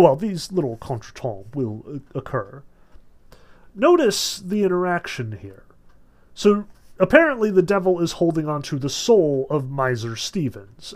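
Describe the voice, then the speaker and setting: A man lecturing on literature in a conversational, analytical way, with many fillers. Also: fairly high pitch. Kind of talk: recorded lecture.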